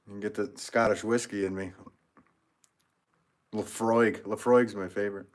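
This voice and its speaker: A man's voice: on the low side, little pitch movement, normal speed. A man with an American accent hosting a casual pottery livestream, reading out viewer comments and joking with a frequent chuckle. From United States. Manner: jokey, chuckles often.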